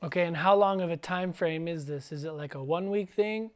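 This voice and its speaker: A man who teaches and hosts a casual school podcast, talking in a playful, chatty way. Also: a little high. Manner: playful, chatty, sounds out words slowly. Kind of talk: casual interview.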